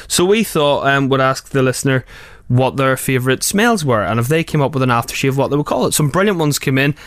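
A man's voice: medium pitch, lively intonation, fairly quick, no echo. A man hosting a radio show, bantering casually and teasingly with his co-host in a studio, laughing often. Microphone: studio microphone.

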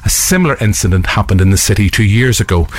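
A man reading a light news story on breakfast radio, excitable and playful. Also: on the low side, quick pace. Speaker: news presenter.

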